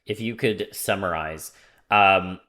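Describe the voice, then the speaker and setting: A man's voice: sits low, slow pace, bright, forceful tone, poor audio. A man hosting a podcast, laid-back and chatty, steering the talk with questions and short interjections. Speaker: podcast host. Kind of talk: casual chat.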